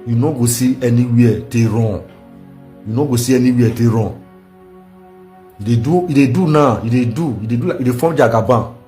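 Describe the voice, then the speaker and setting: A man's voice: mid-range voice, a little fast, mellow, soft background music. A Nigerian man speaking in Nigerian Pidgin, delivering a defiant, scolding political rant with many repeated phrases. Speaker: protester.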